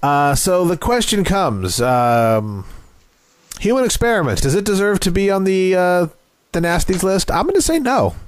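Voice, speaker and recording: A man's voice: high-pitched, big pitch swings, normal speed, no echo. A man co-hosting a film podcast, giving a dry, sarcastic wrap-up in casual chat. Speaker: podcast co-host.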